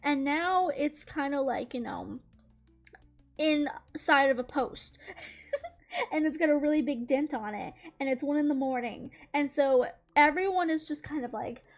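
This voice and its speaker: A woman's voice: high-pitched, a little slow. A young woman telling a story while drawing, rambling with lots of fillers and frequent giggles. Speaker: YouTuber.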